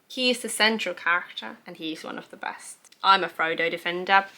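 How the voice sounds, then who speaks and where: A woman's voice: on the low side, fairly quick, sharp tone. A young woman chatting casually about her recent reads, rambling and laughing at herself as she reads out her own notes. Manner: gushing, rambling, self-mocking, laughs at herself. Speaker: book vlogger. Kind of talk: casual book review chat.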